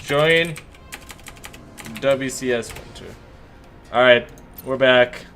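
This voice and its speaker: A man casts a live esports match and chats with his stream viewers. He talks in a loose, joking way and pokes fun at himself. His voice sits at an ordinary middle pitch for a man. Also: slow pace, a bit bright, faint music behind. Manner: joking, self-mocking, chatty.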